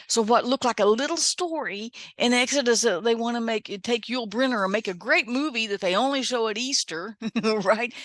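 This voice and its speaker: A woman's voice: medium pitch, a bit bright, no room sound, clean studio sound. A middle-aged woman minister giving a conversational devotional from her apartment and often asking "right?" as she goes. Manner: conversational, keeps adding "right?". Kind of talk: devotional teaching. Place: home, apartment.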